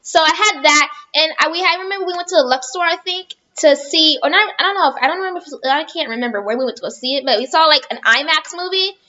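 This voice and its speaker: A woman's voice: high-pitched, fast talker, hardly any pauses, bright, forceful tone, dull audio. A woman telling a rambling storytime on her vlog, chatting casually and often correcting herself. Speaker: vlogger.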